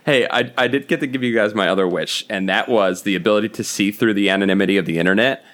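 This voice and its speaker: A man's voice: on the low side, fast, fairly bright tone. A man co-hosting a podcast, chatting casually, swearing freely and laughing often. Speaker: podcast co-host. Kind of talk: casual chat.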